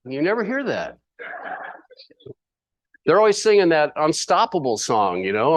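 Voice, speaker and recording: A man's voice: fairly high pitch, very animated, a little slow, long pauses, dry recording. A man teaching a sermon in a conversational way, with playful asides and rhetorical questions. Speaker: Bible teacher.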